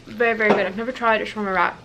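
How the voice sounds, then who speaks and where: A woman's voice: mid-range voice, steady tone, racing, noisy background. A young Canadian woman in her twenties chatting casually to a handheld camera as a vlogger, rambling with lots of fillers. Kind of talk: casual vlog chat to camera. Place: home and outdoors in winter.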